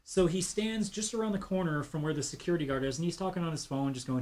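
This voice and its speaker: Fast-talking man on a casual podcast. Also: on the high side. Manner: rambling, animated storytelling with acted-out quotes. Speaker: podcast host.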